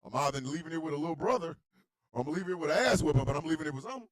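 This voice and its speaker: Man voicing a toddler girl with a growling villain voice, low threatening demands, dry close sound. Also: lively intonation, very fast, no room sound, lightly acted. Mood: menacing. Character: two-year-old girl with a menacing masked-villain voice.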